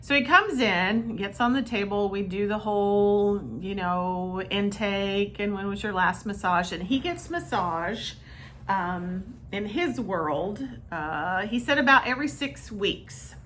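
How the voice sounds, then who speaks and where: A woman massage therapist telling a story to camera in a chatty, animated way, talking straight to her viewers. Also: mid-range voice, slow, slight background noise. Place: her treatment room.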